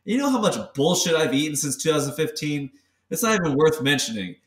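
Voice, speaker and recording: A man's voice: a little high, fast, reverberant, far from the mic. A man co-hosting a casual podcast chat, talking candidly and animatedly, swearing freely and acting out the voices in his head. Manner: candid, profane, animated storytelling. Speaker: podcast co-host.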